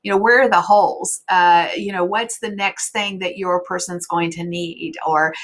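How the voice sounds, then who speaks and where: A woman hosting a casual interview, chatty and given to asides, often trailing off softly at the end of a thought. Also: lowish voice, steady tone, moderate pace. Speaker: host.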